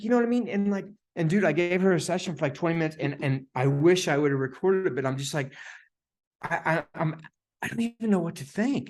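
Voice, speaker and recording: A man guest on a podcast, telling a story in a casual, animated way, full of "dude," "man" and "like," and acting out the voices of the people in it. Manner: animated, heavy filler words, "dude" and "man"; acts out quoted voices with big pitch jumps. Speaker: podcast guest, energy healer.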